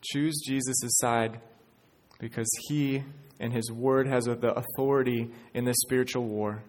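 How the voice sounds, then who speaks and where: A man's voice: mid-range voice, fairly even intonation, measured pace, a little mellow. A man preaching a sermon in an earnest way, building to emphatic peaks. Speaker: pastor. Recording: church hall reverb.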